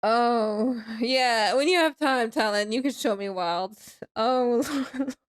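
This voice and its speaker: High-voiced giggly woman streamer. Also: slow pace. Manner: laughs a lot, squeals when startled, then drops to mumbling. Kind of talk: casual live-stream chat with viewers.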